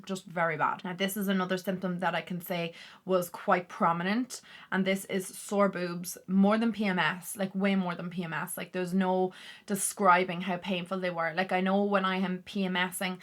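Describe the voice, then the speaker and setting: A woman's voice: on the low side, level tone, normal speed. A woman chatting candidly to camera as a vlogger, full of "like" fillers. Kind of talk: casual talk to camera.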